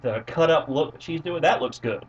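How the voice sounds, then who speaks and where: A man's voice: on the high side, normal speed, dull audio. A man co-hosting a casual wrestling chat, easygoing and agreeable, chiming in and laughing along. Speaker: podcast co-host.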